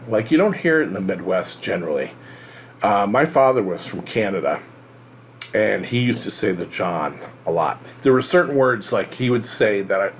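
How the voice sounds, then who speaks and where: American male host, low voice, halting and rambling explainer with faint room hum behind. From United States. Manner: rambling, halting, many fillers and restarts. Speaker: real estate show host. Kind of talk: casual explanatory monologue.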